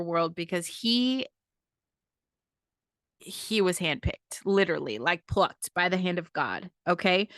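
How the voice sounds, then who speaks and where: A woman's voice: lowish voice, bright, forceful tone, dry recording, clean studio sound. A woman hosting her own podcast, telling a story in a casual, emphatic way, swearing freely and checking in with "okay?" often. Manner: emphatic, profane, repeats "okay?" to the listener. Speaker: podcast host.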